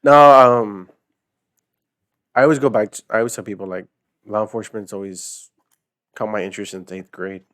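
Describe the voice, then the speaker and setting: Young male podcast guest, lowish voice, rambling, filler-heavy storyteller, dry close sound. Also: a little fast, long pauses, dry recording. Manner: rambling storyteller, many fillers, laughing often. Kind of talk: casual chat.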